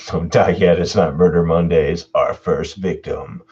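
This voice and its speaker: A man who narrates horror stories online, chatting casually in a relaxed, laughing way. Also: deep voice, measured pace, breathy edge, muffled recording. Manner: relaxed, laughing, answers voice requests. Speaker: YouTube horror story narrator. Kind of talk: casual Q&A chat.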